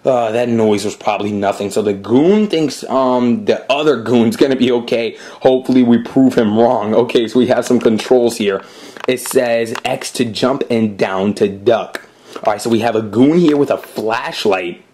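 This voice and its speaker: A man's voice: mid-range voice, moderate pace, darkish tone. A man hosting a casual game walkthrough, chatting to viewers and apologizing for slips along the way. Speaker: gameplay host.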